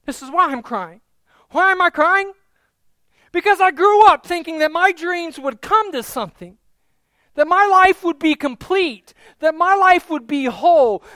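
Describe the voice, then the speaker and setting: A man's voice: high-pitched, creaky, no echo, clean studio sound, heavily acted. A male preacher voicing a distraught grieving woman at an empty tomb, crying out in impassioned lament. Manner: impassioned, near-shouting lament.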